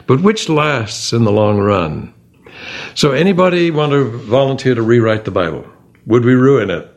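A man teaches a Bible study group, his pitch swinging up and down expressively as he goes. His pitch sits in a middle range. He keeps asking the group rhetorical questions. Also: moderate pace. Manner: animated, full of rhetorical questions. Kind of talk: discussion-led Bible class.

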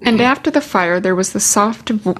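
A woman's voice: mid-range voice, normal speed, a bit bright. A woman taking part in a Bible study class, reading a verse and thinking aloud in hesitant phrases.

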